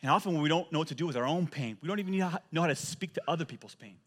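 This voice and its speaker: Man, pastor, sermon, animated storyteller, repeats words, slightly high pitch. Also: very fast.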